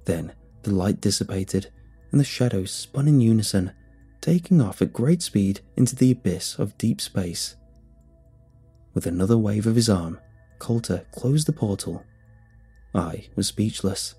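Dude reading a creepy first person story, super husky and low, dark tone, quiet music behind. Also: male voice, animated, measured pace. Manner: tense, dramatic storytelling. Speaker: narrator. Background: faint music.

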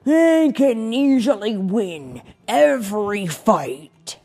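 A woman voicing a big, boastful male troll from a storybook, roaring loud and slow. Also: medium pitch, big pitch swings, voice pushed up, exaggerated voice.

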